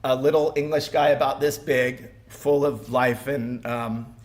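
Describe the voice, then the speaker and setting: A man's voice: mid-range voice, level tone, measured pace. Wry man giving a eulogy. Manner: warm, wry humor with stumbles. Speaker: eulogist, son-in-law. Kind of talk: funeral eulogy. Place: funeral home.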